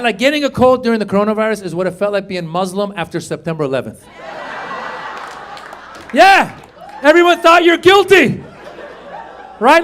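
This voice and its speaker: A man performing a stand-up comedy set, energetic, jumping to loud shouted punchlines and acted voices. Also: high voice. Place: comedy stage with a live audience. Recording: live club recording, audience laughter and faint noise.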